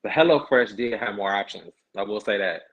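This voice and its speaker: Podcast host: sassy, chatty man, low voice, muffled lo-fi stream sound. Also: brisk, a bit bright, slightly rough. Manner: sassy, chatty, slangy asides. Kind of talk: casual livestream chat. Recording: dull lo-fi stream audio.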